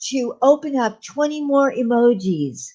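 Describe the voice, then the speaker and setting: A woman's voice: sits high, animated, unhurried, warm tone. Playful chatty woman, casual livestream chat, slightly muffled lo-fi audio. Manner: chatty and playful, laughs easily. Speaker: livestream co-host.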